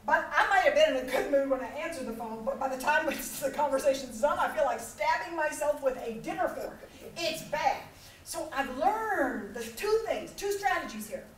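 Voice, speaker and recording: A middle-aged woman giving a motivational keynote talk, telling stories with animated voices and frequent laughter. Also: high-pitched, normal speed, slight background noise. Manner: animated storytelling, acting out voices and laughing often. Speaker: conference speaker. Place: large conference hall. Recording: echoey hall recorded from far off.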